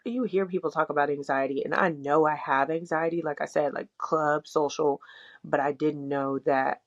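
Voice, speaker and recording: Steady in tone and moderate in pace, this young woman's deep voice carries her casual, candid podcast co-hosting. She rambles, fills gaps with "like," and swears frankly, all on dull lo-fi audio.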